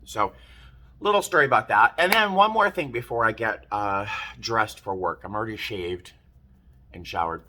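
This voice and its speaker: Chatty vlogger man, bright lowish voice. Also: animated, normal speed, slight background noise. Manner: chatty, rambling, self-interrupting. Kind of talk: casual storytelling to camera.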